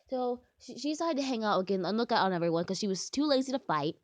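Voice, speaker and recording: A young gaming vlogger chats casually as she plays, her medium-pitched voice animated and quick, with no echo. She sings made-up songs and bursts into sudden frustrated squeals.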